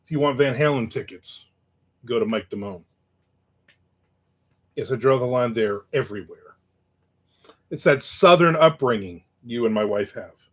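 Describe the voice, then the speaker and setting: A man's voice: medium pitch, lively intonation, moderate pace, long pauses. A man in his fifties hosting a casual livestream, reading comments with rambling, joking remarks and chuckles. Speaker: host.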